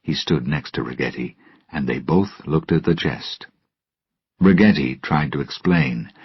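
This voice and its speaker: A man narrating a storybook with a slow, careful reading manner, recorded dull and lo-fi. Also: a bass voice, slightly rough, no echo. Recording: dull lo-fi, dry.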